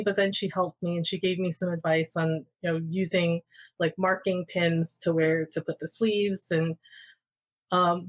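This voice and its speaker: Chatty woman telling stories with laughs. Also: fairly low pitch. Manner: laughs often while telling anecdotes. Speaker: podcast guest. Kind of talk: casual storytelling.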